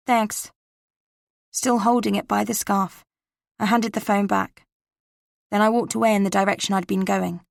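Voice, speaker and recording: Gravelly woman reading a cozy mystery. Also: medium pitch, dry recording, studio quality. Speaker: audiobook narrator. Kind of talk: scripted first-person narration.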